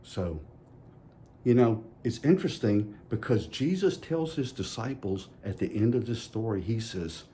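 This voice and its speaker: Slow, lively-pitched man giving a children's sermon. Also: a little hiss or hum. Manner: folksy, asks playful questions to kids. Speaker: church children's message leader. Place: church.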